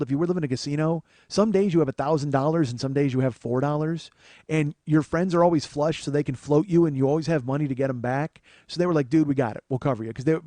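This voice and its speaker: A man's voice: fairly high pitch, warm tone, no room sound. A man in his forties hosting a comedy podcast, telling a rambling, profane story that bursts into rants. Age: 40s. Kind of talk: storytelling monologue.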